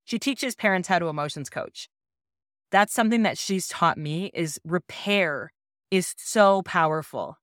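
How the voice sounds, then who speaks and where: A woman in her thirties hosting a parenting podcast, sharing a personal story in a gentle, earnest and reassuring way. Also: lowish voice, animated, a little slow, dry recording, studio quality.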